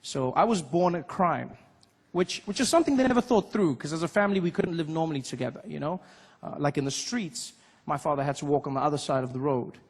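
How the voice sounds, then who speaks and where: A man from Africa, performing a lively stand-up comedy routine and acting out voices. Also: fairly high pitch, fast talker, slightly rough. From South Africa. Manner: animated, acts out voices and laughs.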